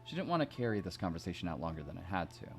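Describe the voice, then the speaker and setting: A man's voice: sits low, sing-song, rapid-fire, faint music behind. A man streaming himself reading a visual novel aloud, narrating with jokey, self-mocking asides.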